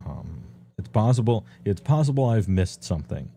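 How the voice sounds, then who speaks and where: A man's voice: lowish voice, very animated, moderate pace, mellow, slight background noise. A man streaming a casual, rambling rundown of tabletop game books, offhand and full of ums. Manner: loose and offhand, many ums, laughs at himself.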